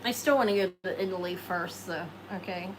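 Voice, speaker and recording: Poor audio with a little hiss or hum carries a woman's lowish, slightly fast voice. She's hosting a jewelry sale live, chatting loosely, replying to viewers, and cracking self-deprecating jokes as she laughs.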